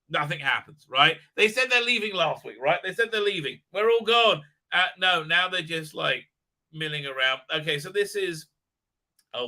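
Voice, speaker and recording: A man hosting a live stream, ranting profanely and mocking characters in squeaky put-on voices. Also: vocal fry, bright, forceful tone. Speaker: show host.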